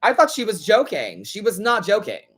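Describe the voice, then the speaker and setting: A man's voice: high voice, huge pitch swings, moderate pace, fairly bright tone, slightly rough. A man hosting a live tarot stream, chatting casually in a blunt, sassy way and swearing freely. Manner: blunt, sassy, swears freely, acts out other people's lines.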